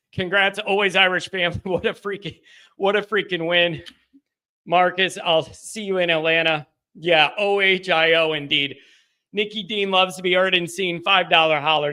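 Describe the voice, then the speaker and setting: Man, high-pitched, bright voice, emotional livestream host, breathless, rambling. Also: clear, resonant tone. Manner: breathless, rambling, loses his place. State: overcome with emotion. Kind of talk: postgame call-in livestream, reading viewer messages.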